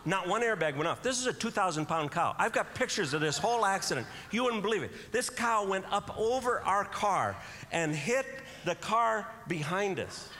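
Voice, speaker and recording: A man with a high, light voice performs stand-up comedy on a live stage, throwing in sound effects and quick voices. The hall rings with a long reverb, and the audience is clearly heard around him. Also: animated, pushed and bright, slight background noise.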